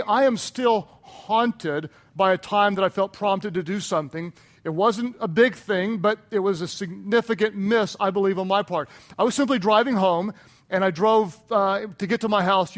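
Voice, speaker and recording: A man preaching a sermon as pastor, speaking emphatically and rising in volume on quoted prayers, then dropping low and confessional for personal stories. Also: fairly bright tone.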